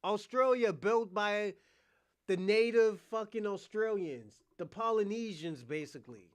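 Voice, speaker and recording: A young man rants heatedly on his livestream, profane and combative, jumping from loud bursts to low mutters. His voice sits high for a man. The sound is dry and close. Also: measured pace, no echo. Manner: swings between loud outbursts and muttered asides. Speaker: podcast host.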